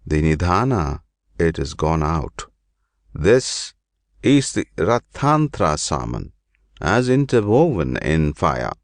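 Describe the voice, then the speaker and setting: A man reading an ancient scripture aloud in slow, measured, deliberate phrases. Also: extremely low pitch, very animated, no room sound. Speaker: reader.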